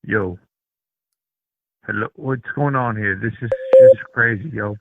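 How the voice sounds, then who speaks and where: A man hosting a casual call-in chat, excitable, slangy and profane. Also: lowish voice, unhurried, creaky, dry recording. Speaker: show host. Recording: tinny phone-like line.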